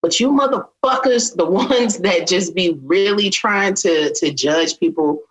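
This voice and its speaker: A woman co-hosting a podcast in casual chat, blunt and teasing, with quick jokes. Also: on the low side, breathy edge, low-quality recording. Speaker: podcast co-host.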